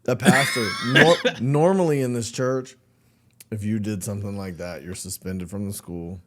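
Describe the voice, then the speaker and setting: A man co-hosting a podcast, explaining things plainly and getting animated when he tells a story. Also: fairly low pitch, moderate pace. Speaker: podcast co-host. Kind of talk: casual chat.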